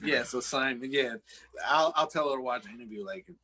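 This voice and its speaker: A man's voice: mid-range voice, fairly quick, very noisy. A man co-hosting a casual podcast, telling a story with quoted asides and frequent laughs. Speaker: podcast co-host. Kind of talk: casual banter.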